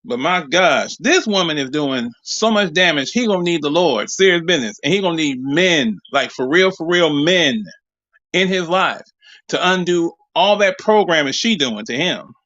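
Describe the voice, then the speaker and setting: A man's voice: fairly high pitch, lively intonation, normal speed, a bit bright, dry recording, highs cut off. A man in his forties calling into a live show, talking casually and animatedly with laughs. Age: 40s. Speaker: caller. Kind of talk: casual chat.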